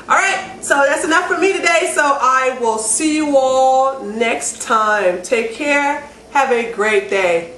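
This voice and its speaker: A woman giving a casual, enthusiastic cooking how-to demonstration at home, chatty and getting excited. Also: sits high, takes it slowly, hardly any pauses. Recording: roomy echo with faint background noise.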